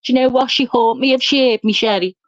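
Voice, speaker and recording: A woman hosting a livestream, chatting casually and telling stories in an animated, talkative way. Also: a little high, quick pace, no room sound. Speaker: livestream host. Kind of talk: casual chat. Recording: dull dry lo-fi stream audio.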